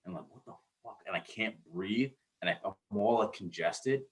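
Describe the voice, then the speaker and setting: Casting: man in his thirties, podcast co-host, low voice, rambling storyteller with a loose mouth. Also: normal speed. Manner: rambling storyteller, swears freely, restarts sentences. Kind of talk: casual podcast chat.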